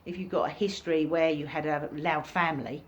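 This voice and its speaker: A woman giving an informal recorded workshop lesson, talking casually and acting out reactions in sudden high bursts. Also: fairly even intonation, brisk, muffled recording. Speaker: workshop teacher.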